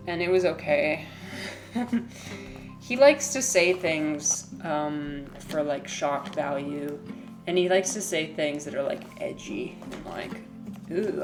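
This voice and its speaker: Woman streamer, casual livestream chat, lower voice, giggly and rambling, music bed underneath.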